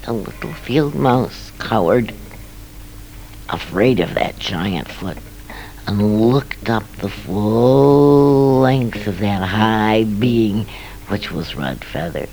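A woman telling a folk tale in an animated, dramatic way with whispered asides. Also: a bass voice, slow, slight background noise, rough recording. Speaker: storyteller. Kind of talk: expressive told folk tale.

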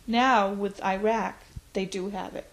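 A woman's voice: medium pitch, steady tone, a little slow, rough recording. Reflective woman in her forties. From United States. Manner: reflective, hesitant with frequent fillers. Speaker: interviewee. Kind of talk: oral history interview.

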